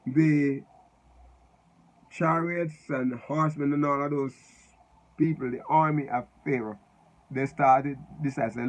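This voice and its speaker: A man giving unscripted Bible teaching, halting and repeating words as he spells out Hebrew letters. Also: fairly high pitch, fairly even intonation, low-quality recording.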